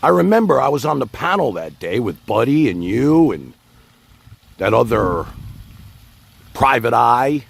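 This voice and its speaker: A man with a gravelly, husky low voice hosts a casual livestream. He rambles and talks straight to his viewers, his pitch rising and falling a lot as he goes. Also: big pitch swings, unhurried, pauses often. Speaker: livestream host.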